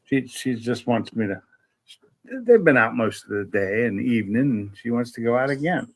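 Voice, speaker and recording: A man's voice: mid-range voice, normal speed. Male stream host, casual home chat, easygoing and self-deprecating, mid-range voice. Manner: rambling, chatty, self-deprecating. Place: at home at night.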